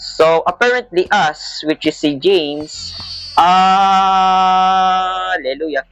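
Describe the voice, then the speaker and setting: A man commenting on a horror game as he plays, jumpy and excitable, yelping at scares. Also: sits high, slow pace, smooth, dull audio, faint music behind. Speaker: gamer playing a horror game. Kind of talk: let's play commentary, mixing Tagalog and English.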